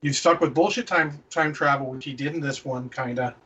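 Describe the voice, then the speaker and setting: A man's voice: on the high side, fairly quick, pushed and bright, slightly rough, distant mic, lo-fi sound. A man co-hosting a casual movie review podcast, opinionated and ranting, swearing freely. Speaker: podcast co-host.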